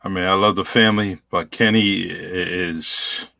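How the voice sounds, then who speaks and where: A man hosting a podcast, talking in a relaxed, halting way with fillers. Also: deep voice, gravelly, no room sound. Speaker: podcast host. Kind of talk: casual chat.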